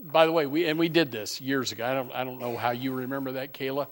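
A pastor preaching a sermon in a church, folksy and joking, with many fillers and restarts, moving between quiet asides and loud emphatic preaching. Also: male voice, medium pitch, fairly even intonation, fast talker.

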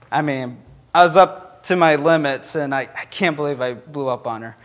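A man's voice: mid-range voice, moderate pace. A young man preaching a conversational sermon, earnest and sprinkled with fillers as he tells a personal story.

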